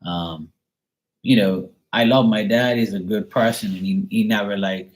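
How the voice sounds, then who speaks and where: Man, very low voice, middle-aged, casual live chat, blunt, profane, rambling. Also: steady tone, a little slow, poor audio. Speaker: tarot reader.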